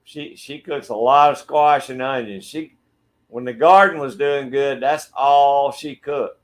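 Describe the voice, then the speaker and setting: In a measured, medium-pitched voice, a middle-aged man with a Southern accent from Georgia, USA, hosts a casual livestream. Sitting in a backyard shed, he reads viewer comments aloud and greets each viewer by name, friendly and unhurried in manner.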